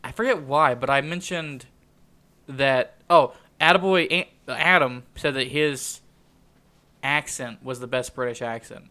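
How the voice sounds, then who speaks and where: A man's voice: mid-range voice, measured pace, bright, forceful tone. A young man co-hosting a podcast, chatting casually, rambling and laughing often. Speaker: podcast co-host. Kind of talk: casual chat.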